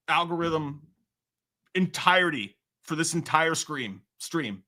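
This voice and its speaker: A man's voice: medium pitch, brisk. Rambling, self-mocking male livestream host. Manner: rambling, self-mocking, jumps between loud outbursts and quiet asides. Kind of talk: solo livestream chat reading viewer comments.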